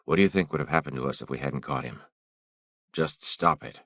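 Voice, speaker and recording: A man's voice: very deep voice, a little fast, vocal fry, fairly bright tone, dry recording, clean studio sound, exaggerated voice. A man voicing a weary, hardened father who speaks tersely and sternly.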